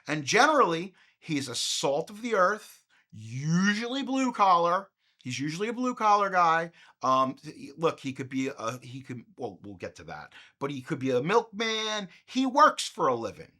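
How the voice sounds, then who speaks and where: Bright, animated, profane male film host. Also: fairly high pitch, moderate pace. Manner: profane, ranting, frequently raising his voice. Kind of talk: comedic movie rant.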